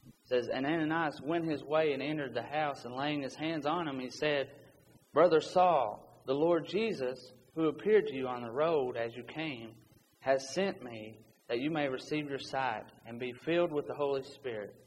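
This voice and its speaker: A man's voice: medium pitch, moderate pace. Guy giving an earnest sermon, reads scripture, urgent tone, big echoey hall w/ faint hiss. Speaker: preacher. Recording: long hall reverb with faint background noise.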